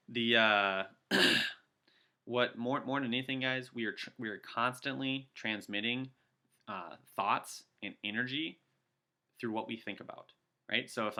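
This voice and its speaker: A man giving an energetic sales training talk, coaching his listeners and acting out customer pitches. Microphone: video call.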